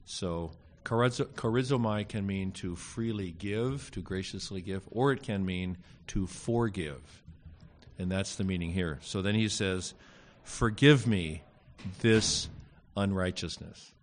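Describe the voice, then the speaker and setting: A man with a fairly low voice lectures on Greek grammar to a class. He speaks haltingly, filling pauses with fillers and slipping in wry asides. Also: slight background noise. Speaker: Greek teacher.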